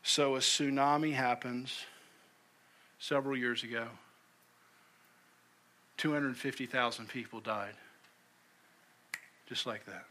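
Bright-voiced, emphatic preaching man. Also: mid-range voice, steady tone, takes it slowly, pauses often. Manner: emphatic, repeats key phrases, drops to a hush for weight. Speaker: pastor. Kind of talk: sermon. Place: church sanctuary.

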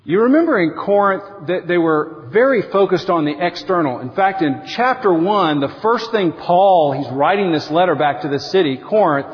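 A man preaching a sermon as pastor, animated, acting out quotes with big swings in pitch. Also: moderate pace, few pauses. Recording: dull lo-fi sound with long hall reverb.

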